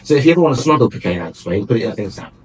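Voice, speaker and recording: A man's voice: mid-range voice, big pitch swings, rapid-fire, noisy background. A man presenting a light-hearted radio chat, telling stories in a wry, joking way.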